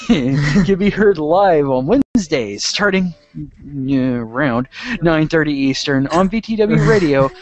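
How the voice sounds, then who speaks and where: A man's voice: a little high, animated, takes it slowly, no room sound, muffled recording. A man co-hosting a podcast, reading show notes in a joking, crude way and laughing often. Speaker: podcast co-host.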